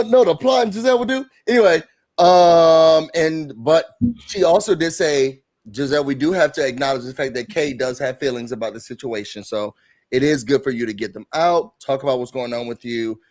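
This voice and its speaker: A man hosting a live recap panel, retelling a reality show episode in casual, animated chat and acting out quotes from the cast. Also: mid-range voice, moderate pace, low-quality recording. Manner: animated, quotes cast members in put-on voices.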